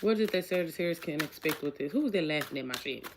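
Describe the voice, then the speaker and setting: A low-sitting, animated voice comes fast from a woman over background noise. As a tarot reader and an adult with a child, she gives a chatty, repetitive, casual reading, asking every question out loud and speaking directly to her audience.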